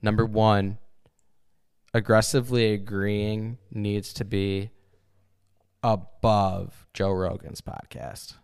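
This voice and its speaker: Smooth-voiced young man rambling. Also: fairly low pitch, fairly even intonation, slow pace, long pauses, darkish tone. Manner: laid-back, rambling storyteller. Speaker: podcast co-host. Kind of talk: casual podcast banter.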